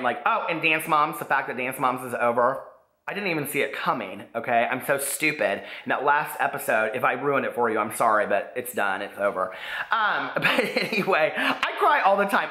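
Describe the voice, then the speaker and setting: Guy rambling about books on his vlog, animated, pokes fun at himself, roomy echo. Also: medium pitch. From United States. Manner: chatty, animated, self-deprecating. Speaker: book vlogger. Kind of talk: casual chat. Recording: echoey room.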